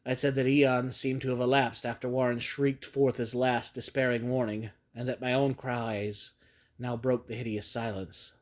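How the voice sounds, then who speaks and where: A man narrating a horror story in a grave, measured storytelling manner. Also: mid-range voice, little pitch movement. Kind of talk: dramatic reading of a horror story.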